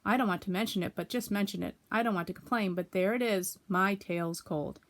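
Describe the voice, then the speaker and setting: A woman's voice: medium pitch, close to an everyday voice. A woman doing a gloomy grumbling old donkey. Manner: slow, grumbling complaints.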